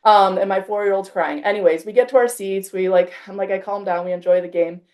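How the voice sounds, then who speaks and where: A woman in her thirties hosting a podcast, telling a story with lively retelling of back-and-forth exchanges and frequent "like". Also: mid-range voice, a little fast. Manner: animated storyteller, acts out quoted exchanges, frequent "like". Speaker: podcast host. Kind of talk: casual conversation.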